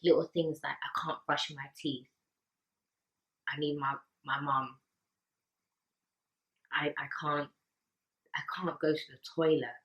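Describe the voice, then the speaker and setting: A woman's voice: deep voice, fairly even intonation, highs cut off. Earnest young woman talking to camera. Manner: earnest, emotional, pauses and repeats words. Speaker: vlogger. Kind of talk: personal talk to camera.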